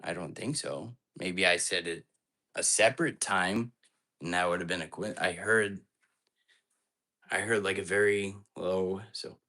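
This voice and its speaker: A man's voice: low-pitched, measured pace, sharp tone. A man hosting a live ghost-hunting stream from an apartment at night, chatting casually and jumpily straight to his viewers. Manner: chatty, jumpy, talks straight to his chat.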